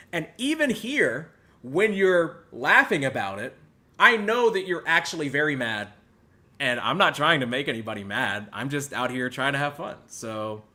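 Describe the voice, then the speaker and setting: Bright-voiced man sarcastically apologizing. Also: mid-range voice. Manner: sarcastic, exaggerated contrition, swings from loud to muttered. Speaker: podcast host.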